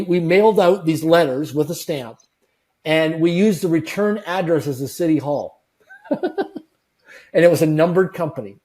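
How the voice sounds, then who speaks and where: A man tells motivational stories from his own life. He sits a little high in pitch and sounds earnest and emphatic. He acts out the other people in his stories and drives his lessons home by repeating them. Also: darkish tone. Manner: earnest, repetitive, emphatic with quoted dialogue. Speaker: interview guest. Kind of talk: motivational storytelling.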